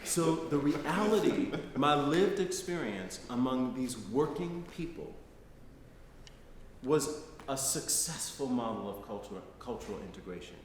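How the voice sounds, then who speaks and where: A man's voice: mid-range voice, big pitch swings, measured pace. Man lecturing in an echoey hall. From United States. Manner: conversational, frequent "right?" tags. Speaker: guest lecturer. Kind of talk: personal storytelling lecture. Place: lecture hall, live audience. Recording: echoey hall, faint noise.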